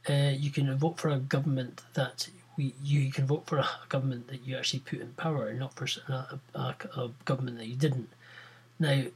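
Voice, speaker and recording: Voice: medium pitch, breathy edge, poor audio. A podcast host chatting alone in a rambling, giggly way that trails off and restarts. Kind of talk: casual solo podcast chat.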